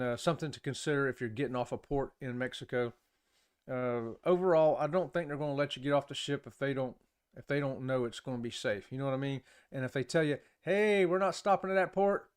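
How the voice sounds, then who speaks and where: A man hosting a casual live-streamed talk show, rambling, chatting with viewers and laughing often. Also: medium pitch. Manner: laughs often between remarks.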